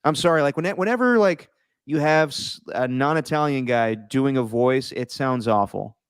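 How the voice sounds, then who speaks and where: Animated, joking podcast co-host man. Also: medium pitch, clean tone, no room sound, studio quality. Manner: animated, mocking, does quick impressions. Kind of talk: casual chat.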